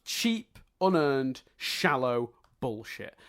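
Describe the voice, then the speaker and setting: A man's voice: medium pitch, big pitch swings, very slow, clean tone. A man co-hosting a podcast, ranting about a film with swearing and mocking quoted lines. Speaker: podcast co-host. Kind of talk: casual film review chat.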